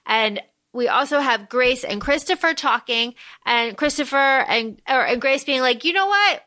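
A woman's voice: on the high side, a little slow, bright, forceful tone. A woman co-hosting a podcast in casual book chat, animatedly acting out characters' lines. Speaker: podcast co-host.

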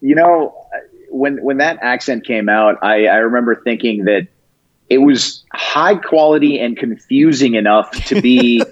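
A man chatting casually as an interview guest, talking in a halting way with many restarts and easy laughter. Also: medium pitch, dull audio. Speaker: guest, prank video creator.

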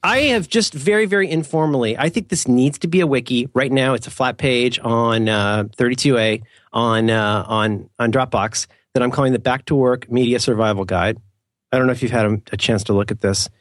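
A man's voice: medium pitch, fairly quick, no echo. Rambling, joking man in dry sound. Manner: rambling, self-mocking, playful mock-formal asides. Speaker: podcast co-host. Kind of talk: casual chat.

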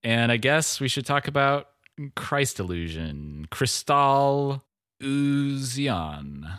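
A man co-hosting a podcast in casual chat, sardonic and quick to laugh. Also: mid-range voice, big pitch swings, pushed and bright, no echo, clean studio sound. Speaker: podcast co-host.

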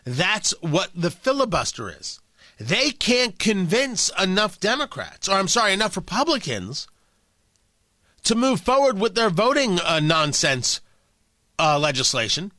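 Combative male host, high lively voice, bright tone, dry close sound, sarcastic commentary. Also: unhurried, no room sound. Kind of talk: political commentary monologue.

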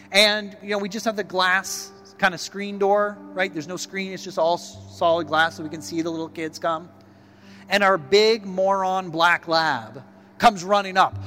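A man preaching a sermon as pastor, talking in a conversational, animated way and telling stories to his church. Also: high-pitched, long reverb tail.

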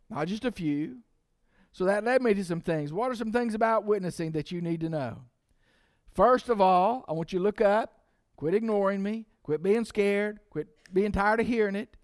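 A man's voice: high voice, expressive, brisk, no echo, clean studio sound. A man preaching a sermon as pastor, emphatic and repeating key lines for the congregation to say with him.

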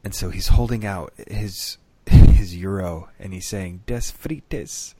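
A man with a low, deep voice co-hosts a casual podcast chat and tells wry stories he laughs along with. The sound is dry and close, with no room around him. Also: steady tone, measured pace, dark tone, dry recording. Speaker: podcast co-host.

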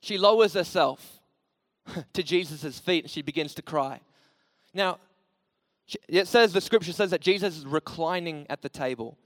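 A man preaching a sermon with passion, swinging from loud emphatic lines to soft, low storytelling. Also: normal speed, pauses often, dry recording, big-room sound.

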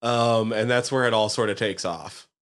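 A man's voice: on the low side, normal speed, a bit bright. A man co-hosting a podcast in casual chat, rambling with enthusiasm and many fillers as he recommends a show. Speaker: podcast co-host.

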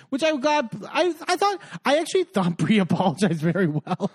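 A man hosting a podcast, recapping a reality show in casual chat and telling the story in an animated way. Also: high voice, fairly quick, few pauses, slightly rough. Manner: animated storyteller, acts out quoted lines. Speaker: podcast host.

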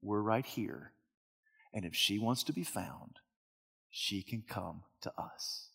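A man's voice: fairly high pitch, sing-song, a little slow, long reverb tail. A preacher playing a complacent, easygoing man in charge of a camp who brushes off requests to help. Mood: lazy dismissive. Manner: cheerfully coaxing, then drawling and dismissive.

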